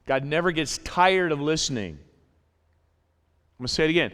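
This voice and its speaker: A man preaching a sermon in a church, animated, repeating his points and acting out little voices. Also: a little high, moderate pace, long pauses, big-room sound. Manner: animated, repeats phrases, acts out voices in quotes. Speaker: pastor. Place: church sanctuary.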